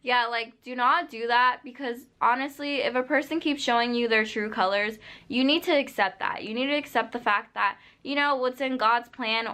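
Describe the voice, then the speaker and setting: Her voice sits a little high, bright and forceful, running at a moderate pace with few pauses. She's a young woman vlogging casual, off-the-cuff advice to camera, heavy on "like" and "you know," earnest and blunt in manner.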